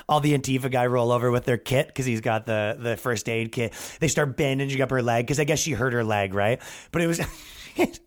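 Man, young adult, comedian host, casual storytelling, rambling, slightly high voice. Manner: rambling, jokey, acts out people he saw.

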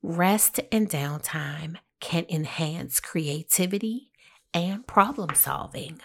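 A woman hosting a solo podcast, talking through her topic in a measured, explanatory way with a husky voice. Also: low-pitched, animated. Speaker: podcast host.

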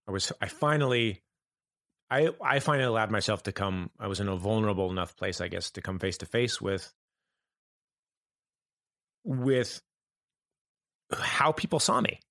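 A man speaks earnestly in a reflective conversation, stopping and restarting his phrases as he searches for words. His voice sits fairly low, and the recording is close and dry. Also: a bit bright, no room sound. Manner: halting, restarts often, earnest. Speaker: podcast guest.

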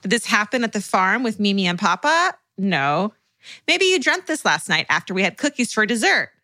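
Female podcast co-host, bright and lively, reads listener stories, dry close mic. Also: mid-range voice, moderate pace, no room sound. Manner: animated, laughs and tears up while reading. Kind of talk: casual chat, reading listener stories.

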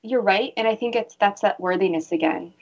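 A woman's voice: medium pitch, fairly quick, lo-fi sound, a crowd in the background. A woman who works as a bra fitter, talking earnestly in a casual interview and telling stories with animation.

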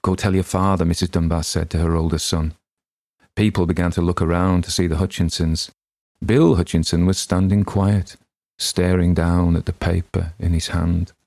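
A man hosting a podcast, narrating a short story in a measured, expressive way. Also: low voice, vocal fry, dry recording. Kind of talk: dramatic story reading.

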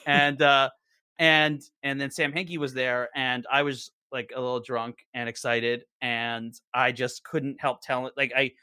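Young adult man, podcast guest, bright tone, dry close sound, meandering anecdotal delivery. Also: mid-range voice, flat delivery, a little slow, clear, resonant tone, dry recording. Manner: rambling storyteller with many fillers and restarts. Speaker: podcast guest, show co-creator. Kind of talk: casual chat.

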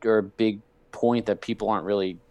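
A man's voice: lowish voice, steady tone, fairly quick, darkish tone, dry recording. A man co-hosting a podcast, rambling through casual sports chat, restarting and correcting himself as he goes. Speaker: podcast co-host.

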